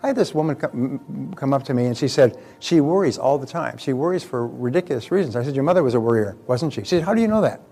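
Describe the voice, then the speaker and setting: A man's voice: medium pitch, animated, quick pace, hardly any pauses, mellow. Man giving an anecdotal seminar talk. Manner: anecdotal, acts out quoted exchanges. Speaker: motivational speaker.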